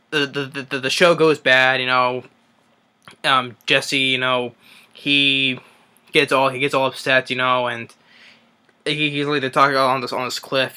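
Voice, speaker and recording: A young man talks through a film's plot in a loose, rambling way, full of "um"s and false starts. His voice is bright and clear, and his pitch sits in the middle. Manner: rambling, many fillers and restarts. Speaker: movie reviewer. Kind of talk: casual spoken movie recap.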